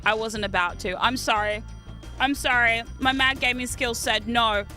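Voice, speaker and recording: Young woman, new zealand accent, high and bright, chatty, swears a lot, laughs often, game music behind. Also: moderate pace. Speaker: VTuber streamer. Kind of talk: casual gaming stream chat.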